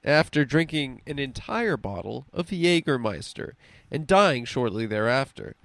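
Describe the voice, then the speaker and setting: A man's voice: medium pitch, very animated, measured pace, vocal fry, fairly bright tone, dry recording. A man hosting a comedy podcast in casual banter, fumbling joke reads and laughing. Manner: stumbling joke reading, laughs a lot. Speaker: podcast host.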